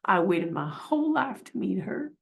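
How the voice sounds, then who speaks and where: A woman voicing a kind older woman singer who speaks in a gentle, soothing, motherly way. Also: medium pitch, sing-song, moderate pace, creaky, slightly rough, full character voice. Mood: reassuring.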